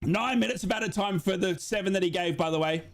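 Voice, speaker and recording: A man hosts a live football watch-along stream. His voice sits a little high. He calls the play for his chat and reads out the scores in a steady voice. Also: a little fast. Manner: excitable, shouting at big moments; steady score round-up reading. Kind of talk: live match commentary to chat.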